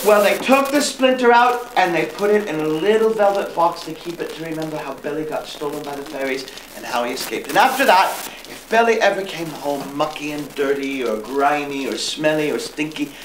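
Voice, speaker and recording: A man telling a story live to children, animated and often asking them questions. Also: a little high, moderate pace, few pauses. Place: library room. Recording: echoey library room, distant mic, hiss.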